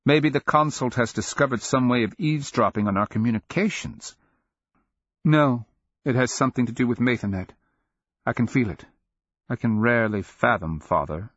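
Young princess, perceptive and measured, speaks with careful halts, put on by a male narrator; husky, lo-fi. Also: medium pitch, no echo, pitched above the performer's own voice, close to an everyday voice. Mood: earnest. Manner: measured, thoughtful, faltering restarts. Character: calm, perceptive young princess, teenage girl.

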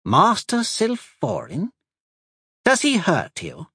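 A man voicing a cunning male sorcerer who speaks in a slow, soothing, measured way. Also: high voice, wildly swooping pitch, creaky, pushed and bright, husky, no room sound, studio quality, voice pushed up, exaggerated voice. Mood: sympathetic. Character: cunning male sorcerer, smooth, patient and manipulative.

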